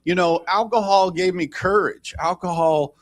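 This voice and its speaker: A man's voice: high-pitched, normal speed, no echo, studio quality. A man sharing his personal recovery story at a meeting, in a rambling, conversational way with self-deprecating humor.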